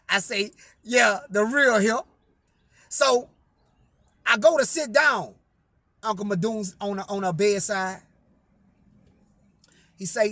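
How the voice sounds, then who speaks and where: A man's voice: high voice, unhurried, long pauses, pushed and bright, no echo. A man telling a personal story in a profane, emphatic way, framing each quote with "I say". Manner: repeats "I say" to frame quotes, emphatic.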